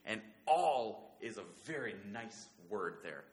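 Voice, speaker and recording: A man preaching a sermon, earnest and halting, often restarting his words and dropping softer when he voices God's promises. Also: lowish voice, big pitch swings. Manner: earnest, halting, many restarts, soft paraphrased quotes of God.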